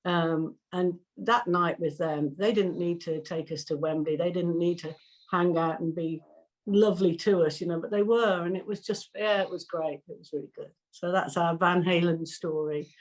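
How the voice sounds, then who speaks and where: A middle-aged woman, a singer excitedly recounting a memory with frequent laughter. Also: fairly low pitch, normal speed, poor audio. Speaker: singer guest. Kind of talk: casual storytelling.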